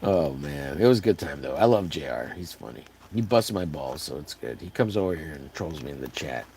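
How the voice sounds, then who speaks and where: Hoarse, gravelly-voiced joking man from Texas. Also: rumbling low, expressive, a little fast, warm tone. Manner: joking, rambling, riffs on catchphrases. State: hoarse, voice wearing out. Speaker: live-streaming artist. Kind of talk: casual chat to a live stream audience.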